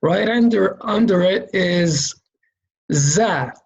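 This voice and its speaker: Slow, gravelly-voiced male teacher. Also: fairly high pitch, steady tone, poor audio. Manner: patient, explains slowly and checks in with "okay?"; demonstrates sounds by repeating them. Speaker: Quran reading teacher. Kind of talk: step-by-step lesson explaining letter shapes and sounds.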